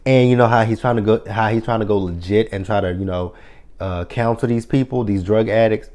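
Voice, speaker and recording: A man giving a casual, chatty recap of a TV episode, swearing freely and filling pauses with "um" and "you know". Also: on the low side, steady tone, a little mellow. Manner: profane, chatty retelling with many fillers. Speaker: TV episode reviewer.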